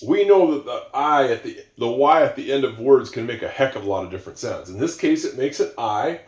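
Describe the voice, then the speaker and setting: Male English teacher, lively pitch, roomy echo; patient, repeats examples. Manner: slow, repeats example sentences, musing asides. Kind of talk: explaining English to learners.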